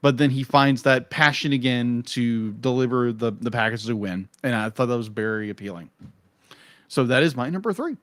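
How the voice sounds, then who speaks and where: Male co-host, mid-pitched, relaxed and agreeable, very dry close recording. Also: moderate pace, dry recording. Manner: relaxed, agreeable, breaks into goofy voices. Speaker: podcast co-host. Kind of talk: casual film review chat.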